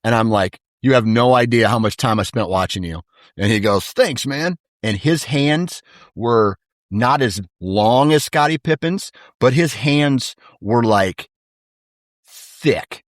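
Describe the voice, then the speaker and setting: Casual male podcast storyteller, lower register, dry close sound, easygoing and animated. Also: a little slow, no room sound. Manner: animated storyteller, laid-back, says "dude" a lot. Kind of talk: casual chat.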